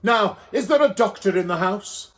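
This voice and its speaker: A man's voice: high voice, lively intonation, normal speed. Man doing a bossy brassy drag hostess. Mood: grand. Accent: Welsh. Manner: bossy, sharp-tongued, calls everyone dear. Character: brassy boozy older drag queen hostess.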